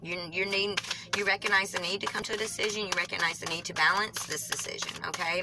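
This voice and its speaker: A woman with a Southern US country twang, reading tarot cards for viewers in a fast, rambling way, often correcting herself mid-sentence. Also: lowish voice, fairly even intonation, heavy background noise. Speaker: tarot reader.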